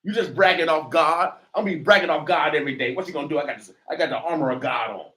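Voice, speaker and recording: A man hosting a talk radio show, preaching defiantly and rising to near shouts. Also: on the high side, racing. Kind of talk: fiery talk radio commentary.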